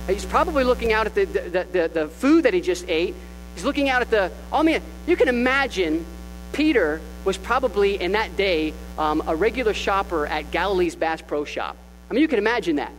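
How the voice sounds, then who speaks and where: A male pastor preaching a sermon in an animated, conversational way with jokey asides. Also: high-pitched, big-room sound, rough recording.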